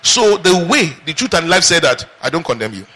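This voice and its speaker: A man preaches with a high, bright voice that carries a husky edge. He keeps throwing questions out to the congregation and waiting for them to answer. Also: sing-song, a little fast. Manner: call-and-response questions to the congregation. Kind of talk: sermon.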